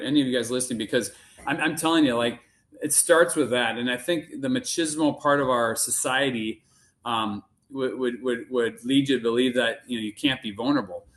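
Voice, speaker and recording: Middle-aged male guest, mid-pitched voice, sincere, stumbles and repeats words. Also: a little fast. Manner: earnest, repeats words while searching for them. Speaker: podcast guest. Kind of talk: casual interview conversation.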